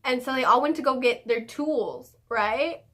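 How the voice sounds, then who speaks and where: A woman's voice: high-pitched, unhurried, fairly bright tone. A young adult woman telling a story in casual vlog style, chatty and profane, full of fillers. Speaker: vlogger.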